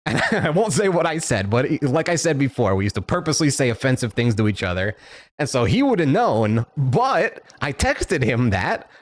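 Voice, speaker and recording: A man's voice: mid-range voice, big pitch swings, normal speed. A young man streaming, telling a story casually to his chat, profane and laughing often.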